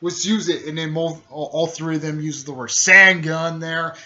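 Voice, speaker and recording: A man's voice: fairly high pitch, fairly even intonation, moderate pace, pushed and bright. A man rambling casually through a fan story retelling, full of fillers and restarts, in a dull lo-fi recording.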